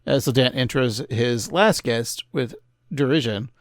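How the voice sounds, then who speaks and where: Creaky-voiced joking podcast co-host man. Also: medium pitch, expressive, slow, no room sound, clean studio sound. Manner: jokey, laughing asides. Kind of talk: casual chat.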